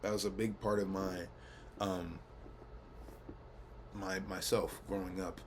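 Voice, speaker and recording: A man's voice: sits low, level tone, slow pace, slight background noise. A young man rambling casually to camera, laid-back, swearing often and laughing at himself. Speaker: vlogger. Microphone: camera mic.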